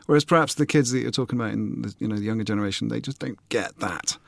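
A man's voice: medium pitch, very fast, vocal fry, no echo. A man co-hosting a music podcast, prompting stories and agreeing in casual chat. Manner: prompting, agreeable, lots of short assents. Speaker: podcast co-host.

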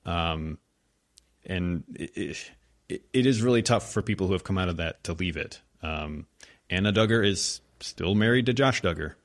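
A man with a low voice talks through a casual podcast discussion. He hedges with many ums and likes, and drops wry asides. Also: moderate pace. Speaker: podcast co-host.

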